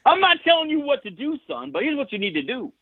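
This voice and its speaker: Guy doing a bossy dad voice, squeaky high, tinny phone sound. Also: huge pitch swings, fast talker, no echo, heavily acted. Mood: preachy.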